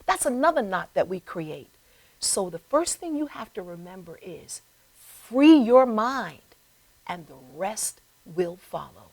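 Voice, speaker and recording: A middle-aged woman hosting a talk show, telling a personal story with animated delivery and acted-out voices. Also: mid-range voice, slow, poor audio. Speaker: host. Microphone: live stream.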